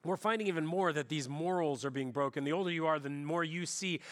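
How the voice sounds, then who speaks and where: High-voiced middle-aged pastor preaching. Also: male voice, fairly quick, fairly bright tone. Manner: chatty, self-deprecating, with frequent restarts. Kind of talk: conversational sermon. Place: church sanctuary.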